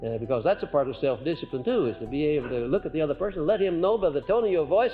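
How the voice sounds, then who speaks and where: Guy lecturing a crowd in an old muffled recording, bit high voice, folksy, lots of uhs, faint music under it. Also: animated, quick pace, hardly any pauses. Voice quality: frequent "uh" hesitations. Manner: folksy, earnest, swings between loud and soft on purpose. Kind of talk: recorded lecture to a live audience.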